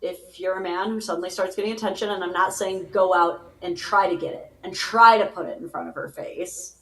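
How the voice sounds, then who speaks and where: A woman's voice: fairly low pitch, fairly even intonation, a little fast, roomy sound, slight background noise, low-quality recording. A woman guest in a live chat, talking casually and laughing often.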